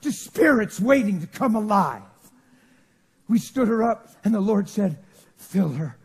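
A man preaching a sermon in a church, telling stories that swing from loud bursts to hushed quiet. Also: high-pitched, expressive, measured pace, slightly rough.

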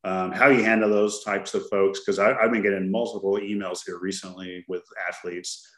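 Man, from Texas, podcast host, lowish voice, joking storyteller, fillers, echoey room. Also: level tone, moderate pace. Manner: laid-back, jokey storyteller with lots of fillers. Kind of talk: casual podcast chat. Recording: roomy echoey sound.

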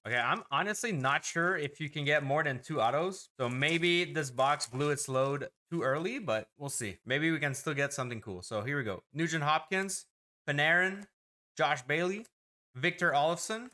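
A man hosting a casual card-opening video, reading player names in quick lists with frequent excited exclamations. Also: on the high side. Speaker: host opening hockey card packs.

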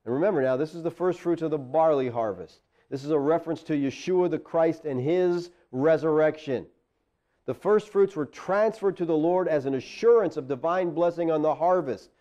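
A pastor delivering a sermon in a mellow, fairly high voice, talking to the congregation in a plain conversational way. He builds into emphatic exclamations at his key points. The recording is dull and lo-fi. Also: normal speed.

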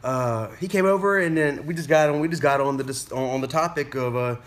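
A man's voice: on the high side, fairly quick, a bit bright. A man vlogger casually telling a story to camera, rambling with lots of fillers and restarts and casual cursing.

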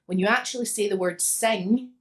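A young woman from Scotland talks through singing exercises as a vocal coach. Her voice sits at a middle pitch, and she chats along easily, often laughing. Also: normal speed. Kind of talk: singing lesson.

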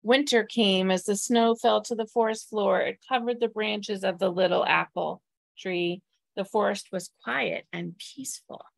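A woman from a temple's staff reading a children's picture book aloud, pausing to ask the listeners questions. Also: mid-range voice, fairly even intonation, vocal fry, dry recording. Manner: warm, asks listeners questions. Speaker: temple staff or clergy storyteller.

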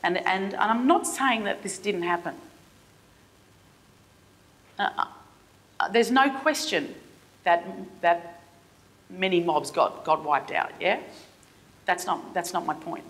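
A middle-aged Australian woman delivers a keynote address from a forum stage, her voice sitting a little low. She speaks with passion but haltingly, circling back and restarting her sentences as she builds her point. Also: fairly bright tone. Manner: impassioned, halting with many restarts.

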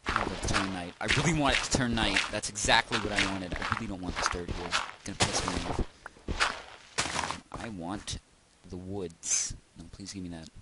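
A man's voice: low-pitched, fairly even intonation, brisk, hardly any pauses. A young man rambling goofily to himself while commentating his game at home. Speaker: gaming video host. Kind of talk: casual let's-play commentary. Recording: heavy background noise hiss.

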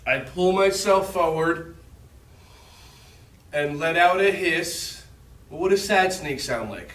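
A man's voice: fairly high pitch, slow, long pauses, fairly bright tone, slight background noise. A man leading a guided movement lesson for children, giving playful, coaxing instructions and call-outs. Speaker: children's yoga leader. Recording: echoey room, voice from far off.

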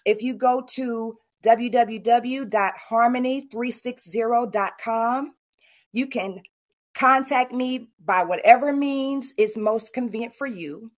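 A middle-aged woman with a fairly high voice speaks slowly, giving a motivational talk at an online summit and coaching her audience directly.

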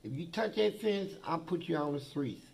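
A man's voice: fairly high pitch, animated, moderate pace, creaky. A man putting on the voice of a cocky country prison warden, an older man who taunts and dares, while retelling a story. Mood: taunting.

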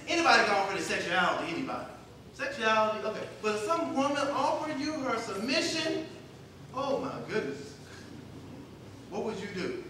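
Preaching from a church sanctuary, a man asks the congregation questions only to answer them himself. His voice is high, pushed and bright. A distant mic picks up the echo of the church hall along with a little hiss or hum.

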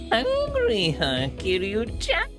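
A man doing a squeaky teasing hostess. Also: heavily acted. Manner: high squeaky falsetto, drawn-out teasing delivery.

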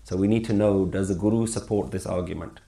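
A man's voice: deep voice, steady tone, fast talker, gravelly, dark tone. A man teaching a spiritual workshop on stage. He speaks emphatically and keeps putting rhetorical questions to the audience.

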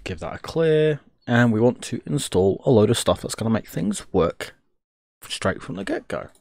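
A man's voice: mid-range voice, very animated, moderate pace, gravelly, darkish tone, no echo, studio quality. A young man streaming live, joking, swearing freely and thinking aloud as he works. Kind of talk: casual live-stream commentary.

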